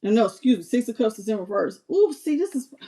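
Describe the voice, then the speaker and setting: A woman reading tarot on a live stream, chatty and expressive, talking straight to her viewers. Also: a little high, quick pace. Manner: chatty and expressive, talks to viewers as "y'all" and "baby". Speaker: tarot reader.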